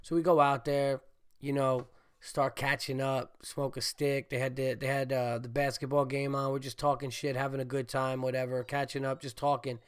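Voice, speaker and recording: A congested man, a stand-up comedian and podcast host, talking in a rambling, animated monologue full of fillers and swearing. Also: medium pitch, normal speed, clean tone. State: congested, getting over a cold. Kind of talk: casual solo podcast monologue.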